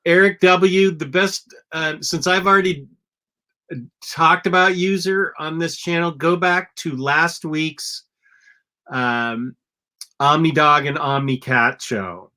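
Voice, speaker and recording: A man's voice: on the high side, steady tone, takes it slowly, pushed and bright. A man co-hosting a casual comic book chat, blunt and opinionated, with frequent ums. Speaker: podcast co-host.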